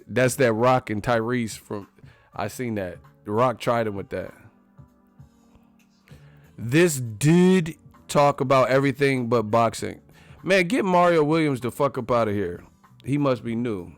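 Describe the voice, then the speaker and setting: Brief: laid-back male streamer, swearing and cracking up, mid-pitched voice, faint music behind. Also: measured pace, no echo. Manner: profane, laughing often, reacting to chat. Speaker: live-stream host. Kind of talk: casual live-stream chat.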